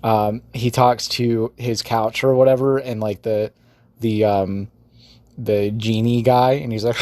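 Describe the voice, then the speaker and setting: A man's voice: mid-range voice, slow pace, a little mellow, no echo, clean studio sound. A man rambling through a casual, profane, giggly story in a phone voice message. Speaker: vlogger.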